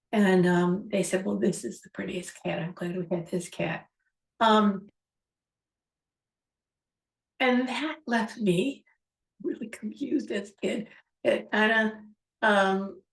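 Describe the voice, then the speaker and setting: A woman hosting a show, musingly retelling a childhood story with a reflective, rambling manner. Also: medium pitch. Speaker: host. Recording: echoey room, far from mic.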